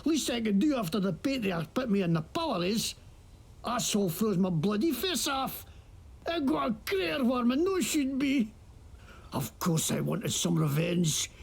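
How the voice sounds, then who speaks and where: A woman playing a raspy, disfigured wasteland crook with a fake Scottish brogue. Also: a little high, big pitch swings, moderate pace, exaggerated voice. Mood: defiant. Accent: put-on Scottish. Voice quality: gravelly, raspy. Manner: swaggering, profane, grumbling. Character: noseless, earless wasteland shop owner faking Scottish. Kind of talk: video game dialogue.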